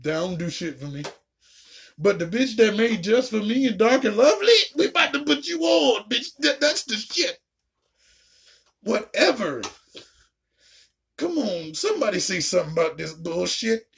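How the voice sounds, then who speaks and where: A woman ranting casually and profanely while reacting to a show, with a raspy, gravelly voice. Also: mid-range voice, big pitch swings, normal speed, long pauses, slight background noise. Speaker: video reactor.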